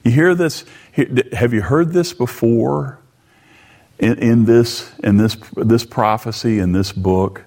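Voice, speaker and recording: A man's voice: on the low side, expressive, gravelly, a little mellow. A man preaching a sermon, reading scripture and repeating phrases as he explains them. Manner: slow and deliberate, reading scripture aloud with commentary.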